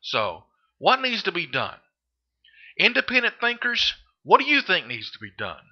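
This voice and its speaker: An indignant man delivers an impassioned monologue with pitch that leaps and swoops, set fairly high for a man. He fires off rhetorical questions and stumbles over frequent hesitations. The recording sounds dull and lo-fi. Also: huge pitch swings, moderate pace. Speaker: political video commentator.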